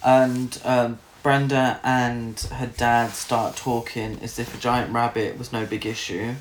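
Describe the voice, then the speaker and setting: A man co-hosting a relaxed chat about a film, laughing often, swearing freely and sometimes mimicking characters. His voice sits at an ordinary pitch. The room around him is echoey. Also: slow, slight background noise. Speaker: film review podcast co-host. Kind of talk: casual chat.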